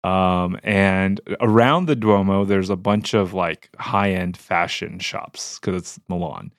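A man's voice: deep voice, takes it slowly, no echo, clean studio sound. A young adult man co-hosting, telling a rambling story in an easygoing way. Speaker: co-host. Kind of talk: casual podcast chat.

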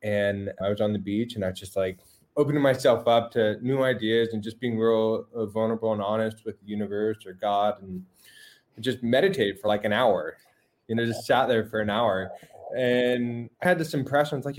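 Chatty man with a low voice. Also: a little fast. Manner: relaxed, chatty, repeats words when starting. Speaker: guest, mental health coach. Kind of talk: casual interview chat.

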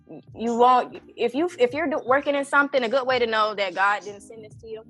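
A woman in her thirties telling a personal story in casual conversation, animated and acting out her own prayers with lots of "you know". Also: fairly high pitch, a little fast, soft background music. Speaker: event organizer and guest.

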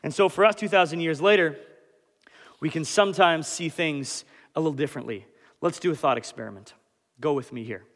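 In a reverberant church hall, a young pastor in his twenties delivers a sermon in a slightly high, brisk voice. He's animated, conversational, and self-deprecating.

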